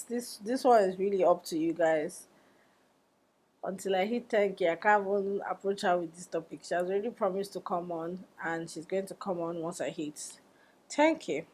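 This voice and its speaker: A young woman, a makeup artist telling a story in a casual vlog, animated and quick to exclaim. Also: medium pitch. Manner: animated, exclaiming and laughing, acting out quoted dialogue.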